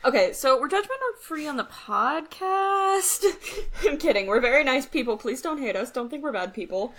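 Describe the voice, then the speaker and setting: A young woman co-hosting a podcast in casual chat, bubbly and teasing and quick to laugh. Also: high voice, lively intonation, fairly bright tone. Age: young adult. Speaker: podcast co-host.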